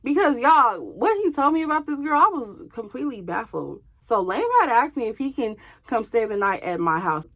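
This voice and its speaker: A woman's voice: a little high, animated, moderate pace, few pauses, a bit bright. A young woman telling a personal story in a casual, chatty monologue, speaking straight to her viewers with offhand, dismissive asides. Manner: chatty, addresses viewers as y'all. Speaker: storyteller vlogger.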